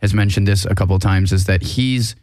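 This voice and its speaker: A man's voice: sits low, a little fast, a little mellow. A man hosting a casual podcast chat, rambling and often breaking off mid-thought. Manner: rambling, self-interrupting. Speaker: podcast host.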